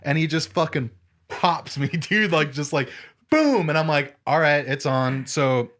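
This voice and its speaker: A young man co-hosting a podcast, telling a story in casual chat, animated and full of swearing. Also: a little high, a little slow. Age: young adult. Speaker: podcast co-host.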